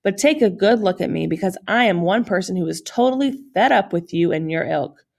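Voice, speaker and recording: Pompous, stern middle-aged foster mother, formal and scolding, lowish voice, as a woman reads her. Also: animated, a little fast, vocal fry, a little mellow.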